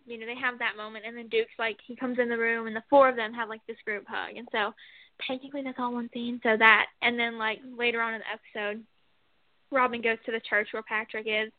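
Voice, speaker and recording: A chatty woman retells scenes in a rambling, animated way, full of fillers. Her voice sits a little high, and it comes through a thin, phone-like line with a dry sound. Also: dry recording. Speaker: co-host. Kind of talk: casual chat recapping soap scenes.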